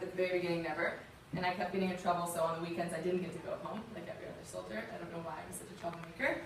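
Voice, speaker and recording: A woman's voice: mid-range voice, a bit bright, slight background noise. A young woman from the American South telling a personal story to a youth audience, earnest and emotional, talking casually with fillers. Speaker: guest speaker. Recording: distant mic in a very echoey room.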